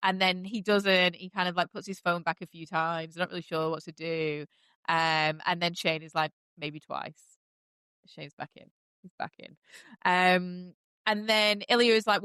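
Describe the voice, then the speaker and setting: A woman's voice: fairly low pitch, steady tone, a little slow, sharp tone, smooth, dry recording. A woman hosting a podcast, recapping a TV show in a gushing, chatty way with many fillers. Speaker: podcast host. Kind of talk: casual chat recapping a TV show.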